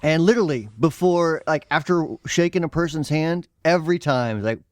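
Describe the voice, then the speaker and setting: A man's voice: fairly high pitch, normal speed, dry recording, studio quality. A man with a Midwestern accent co-hosting a podcast in casual chat, rambling with fillers and easy laughs. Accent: American Midwest. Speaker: podcast co-host.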